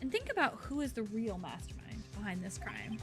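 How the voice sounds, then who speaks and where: A woman voicing a cool, formal young male prosecutor in a game, speaking in a measured, lecturing and cutting way. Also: medium pitch, big pitch swings, over music. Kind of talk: fan voice-over of a game's dialogue.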